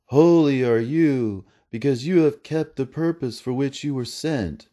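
A man voicing a holy voice singing from a tree's branches, slow and hymn-like. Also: medium pitch, warm tone, pitched above the performer's own voice, lightly acted. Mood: reverent. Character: singing voice from a sacred tree.

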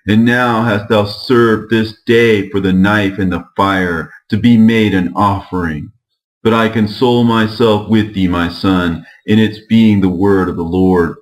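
A man's voice: lowish voice, close to an everyday voice, poor audio. Sarah, a man voicing an old grieving mother. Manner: lamenting, slow and archaic. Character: grieving aged mother, Sarah, wailing woman.

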